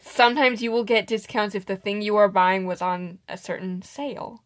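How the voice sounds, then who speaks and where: A woman's voice: medium pitch, moderate pace. A young woman chatting casually as a podcast co-host, telling workplace stories and acting out what customers said. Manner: animated storyteller, acts out customers' lines, laughs often. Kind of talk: casual chat, storytelling.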